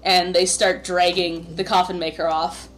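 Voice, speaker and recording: A woman's voice: lowish voice, flat delivery, moderate pace, a bit bright, slight background noise. A woman narrating a tabletop game as game master, casual and giggly, with lots of fillers.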